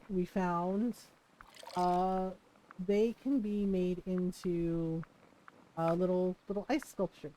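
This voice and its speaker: Chatty woman streamer, mellow voice. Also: on the low side, slight background noise, rough recording. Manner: chatty storytelling, acts out quotes with laughs. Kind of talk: casual chat while gaming.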